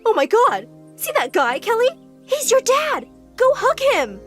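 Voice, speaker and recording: A woman voicing an erratic, overdramatic mother in an animated story who talks in shrill, excitable outbursts. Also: measured pace, soft background music, full character voice. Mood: frantic.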